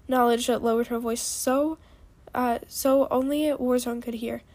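A woman's voice: a little high, flat delivery, moderate pace, darkish tone. A woman reading a dragon story aloud, with small stumbles and restarts.

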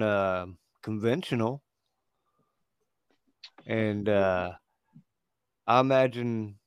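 Laid back guy joking around on a podcast, talks real slow, dry sound. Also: medium pitch, clear, resonant tone, dry recording. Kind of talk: casual chat.

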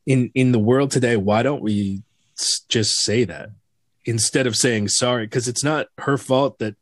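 At a measured pace and in a mid-range voice, a man co-hosts a podcast, making casual chat full of laughter and rambling restarts. There's no room sound.

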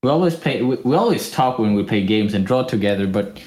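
A man's voice: lowish voice, animated, brisk, a little mellow. A young man with a Swedish accent co-hosting a casual podcast, playful and jokey. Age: young adult. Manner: playful, jokey, fond of bits. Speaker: podcast co-host. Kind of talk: casual chat. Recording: roomy echo.

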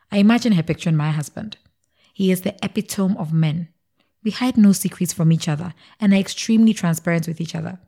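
Woman, first-person story narration, lowish voice, mellow.

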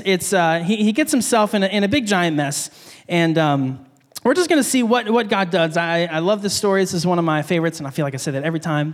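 A man's voice: high-pitched, long reverb tail. A man giving a casual sermon, with frequent fillers and restarts. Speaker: preacher.

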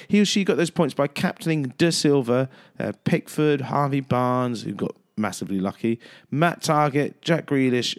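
Upbeat man hosting a sports chat. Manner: jokey, upbeat, lively swings in pitch. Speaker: host. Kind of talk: casual radio sports chat.

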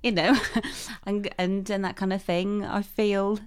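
A woman in a relaxed podcast conversation, speaking at a middle pitch. She is agreeable and reflective, often answering with quiet yeahs. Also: slow pace, smooth. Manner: agreeable, prone to soft backchannel replies. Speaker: podcast co-host, photographer. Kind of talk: casual chat.

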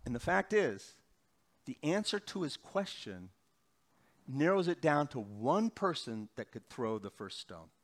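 A middle-aged male pastor preaching a sermon, swinging between loud emphatic bursts and quiet, slow passages. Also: mid-range voice, big pitch swings.

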